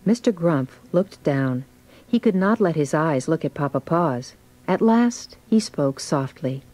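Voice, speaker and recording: A woman narrates a children's storybook read-along, reading gently and clearly. Her voice sits a little low for a woman. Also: lively intonation, unhurried, poor audio.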